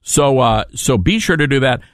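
A man's voice: medium pitch, animated, a bit bright, dry recording, studio quality. A man with a Southern accent hosting a talk radio show, chatting with callers in a folksy, joking way. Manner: folksy, chatty, quick to laugh. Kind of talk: casual talk radio chat. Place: radio studio. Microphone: studio mic.

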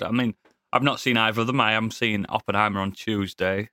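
A man's voice: fairly low pitch, fairly even intonation, a little fast, bright, forceful tone. A man hosting a podcast in casual chat, joking around and moving the show along. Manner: jokey, moves the show along. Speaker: podcast host.

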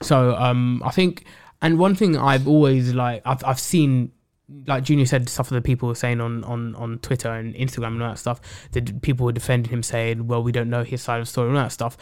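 A man's voice: mid-range voice, fairly even intonation, a little fast, few pauses, darkish tone, clear, resonant tone. A man, chatting bluntly in slang as a co-host of a casual football podcast, with many restarts.

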